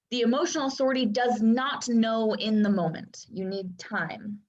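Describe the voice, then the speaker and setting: A young adult woman coaching in casual talk, full of "like" and "right?", acting out inner voices with whispers and gasps. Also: on the high side. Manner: chatty, lots of "like" and "right?" fillers. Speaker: human design coach. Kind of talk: casual teaching monologue. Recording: dull lo-fi sound.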